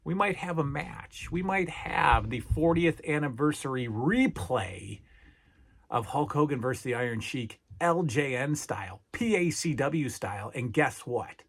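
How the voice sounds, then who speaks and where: A man's voice: medium pitch, lively intonation, a little slow, vocal fry, breathy edge. A middle-aged man hosting a toy review vlog, with emphatic, salesman-like patter and repeated phrases as he talks to his viewers. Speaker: toy collector channel host.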